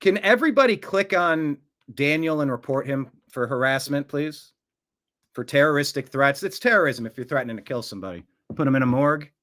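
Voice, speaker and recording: A male livestream host with a fairly high-pitched voice. He mutters under his breath while fiddling with his setup, then turns profane and confrontational as he demands answers. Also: lively intonation, fairly quick, a bit bright. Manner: profane, confrontational outbursts at a commenter; mutters to himself while fixing stream settings. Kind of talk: live-stream talk.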